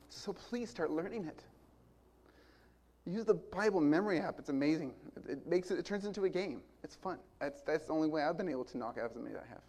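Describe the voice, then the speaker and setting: A man in his forties preaching with earnest emphasis. His voice sits a little higher than most men's, and he drives his points home by repeating them. It is a sermon delivered to a congregation. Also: a little mellow. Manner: earnest, emphatic, building repetition.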